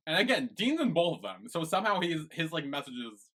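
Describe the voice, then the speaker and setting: Young man retelling a show, lively pitch. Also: fairly quick, breathy edge. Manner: storytelling, quoting characters with lively shifts. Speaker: podcast co-host. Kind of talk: casual chat recapping a series.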